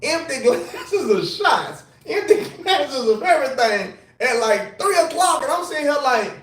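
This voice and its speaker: Tipsy male livestream host, very high voice, rambling and profane, echoey hotel room. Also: measured pace. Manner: animated, rambling, profane venting. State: tipsy from drinking. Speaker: livestream host and former sprinter. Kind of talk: casual livestream rant.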